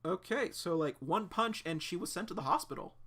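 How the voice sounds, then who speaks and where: A man hosting a casual live reaction to a webcomic, excitable and rambling, full of filler words as he describes the panels. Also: sits high, fairly quick.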